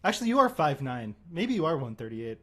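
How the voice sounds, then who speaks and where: A man's voice: a little high, very animated, brisk. A man hosting his livestream, chatting casually in a rambling, stammering, self-mocking way. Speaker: streamer host.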